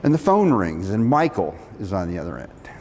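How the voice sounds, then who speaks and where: A middle-aged man telling a story from his working life, animated, acting out the quotes. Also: a little fast. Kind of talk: storytelling talk. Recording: long reverb of a hall, faint rumble.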